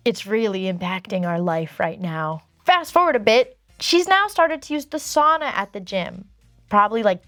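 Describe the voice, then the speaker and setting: A woman hosting a channel, reading online posts aloud and reacting with animated, dramatic commentary. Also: fairly high pitch, dry recording.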